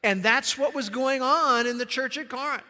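Male pastor, emphatic sermon delivery, bright ringing tone, long hall reverb. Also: very high-pitched, moderate pace. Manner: emphatic, varies pace, engages congregation with questions. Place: church sanctuary.

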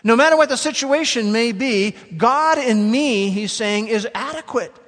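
High-voiced man preaching in a reverberant hall. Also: a bit bright. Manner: emphatic, slows down to stress key words. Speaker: pastor. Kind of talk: sermon.

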